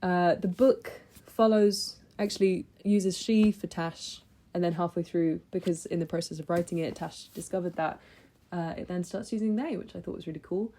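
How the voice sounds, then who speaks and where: A woman's voice: lowish voice, steady tone, moderate pace, warm tone. A young woman talking through books she read in a chatty, enthusiastic vlog, with lots of ums and restarts. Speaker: book vlogger. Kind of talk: casual book review chat.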